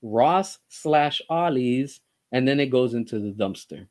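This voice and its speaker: A man's voice: mid-range voice, lively intonation, a little slow, darkish tone. A man giving an opinionated commentary monologue as a vlogger, talking in an impassioned, emphatic way full of rhetorical questions.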